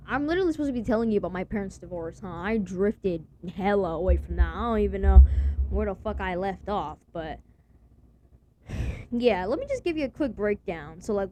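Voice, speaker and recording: A woman's voice: medium pitch, lively intonation, fairly quick, dark tone, a little hiss or hum. A young woman vlogging in a blunt, rambling rant full of slang and swearing. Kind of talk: casual profane rant to camera.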